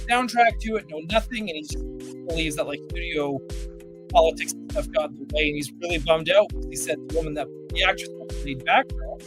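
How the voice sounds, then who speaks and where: A man co-hosting a casual live stream, rambling and apologetic as he fumbles with the tech. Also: high voice. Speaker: podcast co-host.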